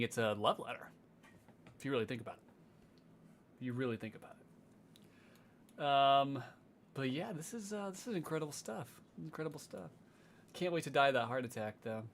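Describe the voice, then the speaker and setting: A young man chatting casually on a livestream as a music streamer, sardonic and rambling, swearing freely. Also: medium pitch.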